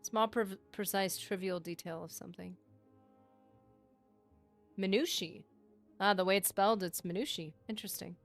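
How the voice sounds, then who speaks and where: A woman streamer reading a game book aloud on a livestream, steady narration broken by chatty asides. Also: mid-range voice, moderate pace, long pauses, soft background music.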